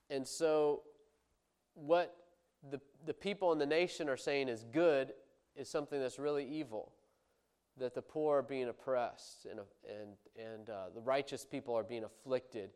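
A man's voice: mid-range voice, smooth. A man preaching a Bible teaching sermon in an earnest, emphatic way, often repeating words and restarting phrases.

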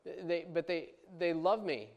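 A man's voice: fairly high pitch, measured pace, vocal fry, lo-fi sound. A man in his thirties preaching a sermon as a pastor, in a conversational way full of asides. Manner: conversational, many asides and fillers.

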